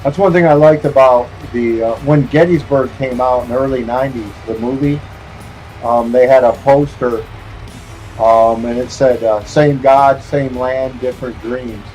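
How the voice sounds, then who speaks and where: A man's voice: medium pitch, steady tone, normal speed, darkish tone, soft background music, low-quality recording. A man streaming a game, chatting casually in a rambling, joking way and chuckling often. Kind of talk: casual chat while gaming.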